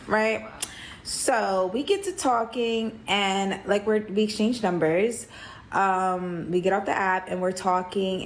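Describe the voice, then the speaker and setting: A woman from New York telling a dating story in a chatty, animated way, acting out what each person said. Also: fairly low pitch, a little hiss or hum, low-quality recording. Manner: chatty, animated, acts out quoted dialogue. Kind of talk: casual storytelling.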